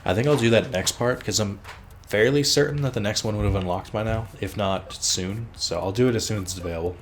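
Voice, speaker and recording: A man's voice: fairly low pitch, brisk, slight background noise. A man hosting a let's play, rambling casually as he plays, swearing freely and teasing himself. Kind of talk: casual gameplay commentary.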